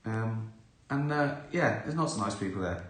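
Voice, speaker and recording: A middle-aged man talks casually through a live stream, answering viewer questions. His voice is bright and forward, he laughs often and acts out little scenes. The room gives a noticeable echo. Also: lowish voice, lively intonation, moderate pace.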